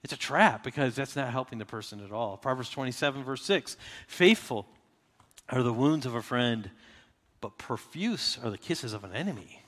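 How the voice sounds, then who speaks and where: A man delivering a sermon from the pulpit with a middle-pitched voice. He keeps it conversational and slips into little quoted voices as he goes. His voice rings out with a long reverb, as in a large hall. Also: expressive, normal speed, a bit bright. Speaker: pastor.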